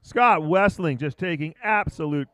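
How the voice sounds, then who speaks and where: A man commentating live at a surf contest, chatting casually and bursting into excited shouts on big waves. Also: medium pitch, normal speed, dry recording. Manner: calls big moves with sudden excited shouts.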